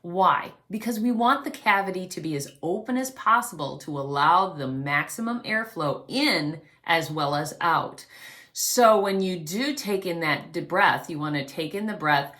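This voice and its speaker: A woman vocal coach teaching an online singing lesson, explaining calmly and demonstrating quiet breaths. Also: on the low side, measured pace. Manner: gently instructive, demonstrates breaths.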